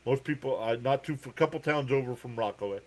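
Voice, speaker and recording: A man with a New Jersey accent hosts a live baseball reaction stream. He calls each pitch and the count in a casual, chatty way. Between plays he reads out viewers' messages and answers them. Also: quick pace, a little mellow. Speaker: live sports reaction host. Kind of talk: live baseball play-by-play and chat.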